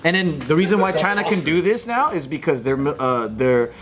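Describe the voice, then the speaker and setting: A man's voice: a little high, animated, a little fast, a crowd in the background. A man co-hosting a comedy news podcast, joking loosely, swearing and riffing. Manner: jokey, swears freely, slips into mock voices. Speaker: podcast co-host. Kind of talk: casual comedic banter.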